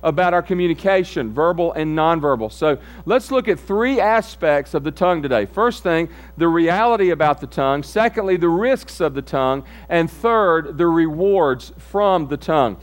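A man's voice: fairly high pitch, lively intonation, moderate pace, hardly any pauses. Man preaching a casual sermon. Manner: conversational, asks the audience questions. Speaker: pastor.

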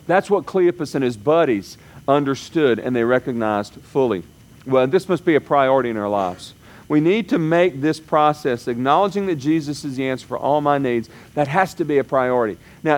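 A man preaching a sermon in a conversational way, often checking in with the congregation and acting out quoted voices. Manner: conversational, frequent "okay?" check-ins; acts out quoted voices with sudden pitch jumps. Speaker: pastor.

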